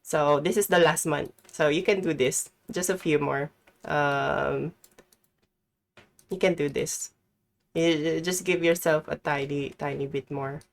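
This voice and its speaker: A woman's voice: sits low, steady tone, a little slow, creaky. A young woman from the Philippines, chatting casually with her live viewers in a rambling way, full of fillers. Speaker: streamer.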